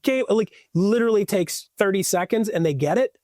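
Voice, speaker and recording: A man's voice: high-pitched, lively intonation, normal speed, darkish tone, no echo, clean studio sound. A man talking as a podcast guest in loose, rambling chat, full of restarts and "like".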